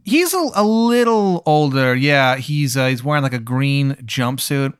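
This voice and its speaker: A man's voice: medium pitch, expressive, a little slow, clean tone, no room sound, clean studio sound. A man hosting, improvising a comedic story in a rambling way, full of "like" fillers. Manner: rambling, heavy use of "like" fillers, laughs while talking. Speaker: host and game runner.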